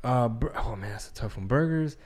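A man's voice: medium pitch, expressive, fairly quick, darkish tone, slightly rough. A man co-hosting a casual podcast chat, laid-back and profane, full of joking asides. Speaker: podcast co-host.

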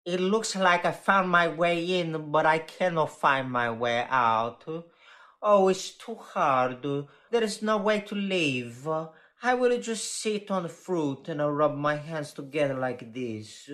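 A man's voice: fairly high pitch, takes it slowly, fairly bright tone, pitched above the performer's own voice. A man voicing a gregarious, irritating fly with an Italian accent in a comedy sketch. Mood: teasing.

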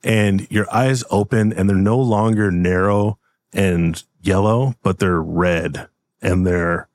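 A man narrating a tabletop role-playing game as game master, in an animated, loose way. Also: low-pitched, slow pace.

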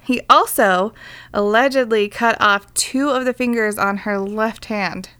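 A woman's voice: mid-range voice, measured pace, sharp tone, smooth. A woman co-hosting a casual podcast, reading a crime story aloud and breaking off with blunt, irreverent asides. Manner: irreverent, swearing, reads news then jokes. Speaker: podcast co-host.

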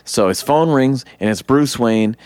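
Animated man retelling a movie scene by scene. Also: unhurried, clean tone, dry recording, studio quality. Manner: animated retelling, acts out quotes in high voices; swears freely. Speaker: podcast co-host. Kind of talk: casual movie breakdown chat.

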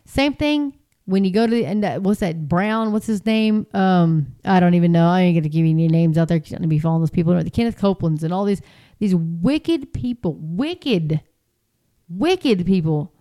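A woman's voice: on the low side, fast, warm tone, smooth. A woman talking in a casual, rambling way, full of fillers and restarts, sounding exasperated and incredulous. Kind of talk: casual commentary.

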